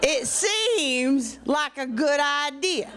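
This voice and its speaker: A woman's voice: sits high, expressive, noisy background. A woman doing a stand-up routine, chatty and full of fillers, dragging out her words. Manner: chatty, drawn-out delivery with fillers. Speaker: stand-up comedian.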